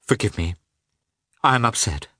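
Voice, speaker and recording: A man reading the lines of a distraught, proud young noble wife in an audiobook, pleading and reproachful and rising in pitch when upset. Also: lively intonation, moderate pace, pushed and bright, dry recording, studio quality.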